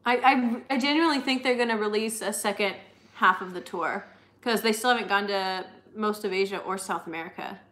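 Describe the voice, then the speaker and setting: A woman's voice: medium pitch, a little fast, fairly bright tone. A young woman co-hosting a live stream, chatting casually with viewers in a rambling way full of fillers.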